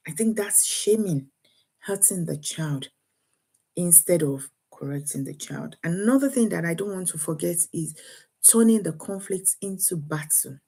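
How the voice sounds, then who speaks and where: A woman from Africa talks through parenting advice in a slightly low, husky voice. She is lively and repeats words as she goes, slipping into little acted quotes of parents and kids. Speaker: parenting coach. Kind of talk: advice talk to camera.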